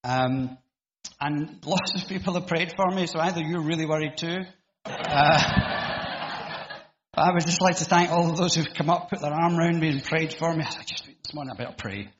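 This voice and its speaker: A middle-aged preacher gives an informal sermon in a church hall, chatty and self-deprecating, with plenty of ums and restarts. His voice is fairly high and bright, with fairly even intonation and a moderate pace. The echoey hall makes the sound slightly dull, and there's a little background noise.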